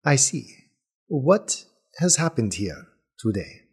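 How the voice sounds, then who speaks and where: A man voicing a formal, ceremonious male host who greets strangers slowly and grandly. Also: mid-range voice, very animated, darkish tone, slightly rough, exaggerated voice. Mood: probing. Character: courtly formal male harbor-town host.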